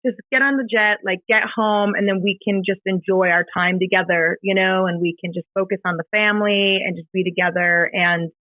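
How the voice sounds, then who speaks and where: A middle-aged woman, a podcast guest, retelling a painful personal story in a halting, emotional way, with many fillers and restarts. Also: medium pitch, fairly even intonation, no room sound. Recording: dry, tinny phone-like sound.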